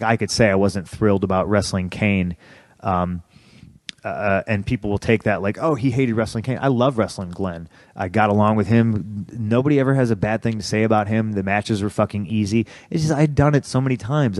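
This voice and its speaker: A man's voice: fairly low pitch, no room sound, studio quality. A man in his thirties, a podcast guest, telling a story with lots of swearing and heated, acted-out quotes. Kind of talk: casual storytelling in a podcast interview.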